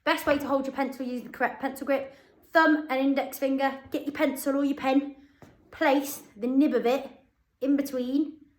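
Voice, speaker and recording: A woman with a fairly high voice leads a recorded phonics lesson for young children. She sounds upbeat and encouraging and spells words out slowly, letter by letter. The sound is echoey, as if recorded in a bare room. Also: steady tone. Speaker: primary school teacher.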